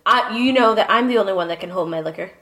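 A woman's voice: mid-range voice, fast, a loud crowd. A woman hosting a podcast in casual banter, joking and directing her co-hosts. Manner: bossy, joking, directs the takes. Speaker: podcast host.

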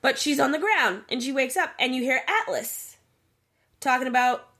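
A woman with a somewhat high voice talks casually, retelling a story to a friend. Her delivery is animated and peppered with profanity. It feels like an unscripted conversation between co-hosts. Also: moderate pace. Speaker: podcast co-host.

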